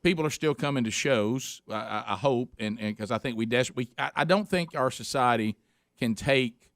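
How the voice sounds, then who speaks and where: Talk-radio host man, mid-pitched, easygoing chatter, dry studio sound. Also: a bit bright, no echo. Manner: chatty, stumbling restarts, quick laughs. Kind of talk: casual talk radio chat.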